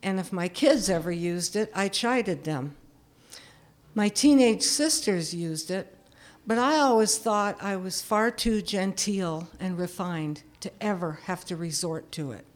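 A woman's voice: on the low side, animated, unhurried. A woman in her seventies telling a personal story in a candid, self-deprecating way, often chuckling. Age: 70s.

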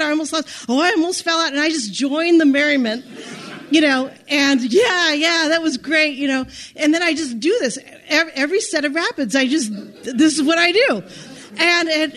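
A woman telling a personal story in an animated, self-deprecating way, often restarting her sentences. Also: sits high.

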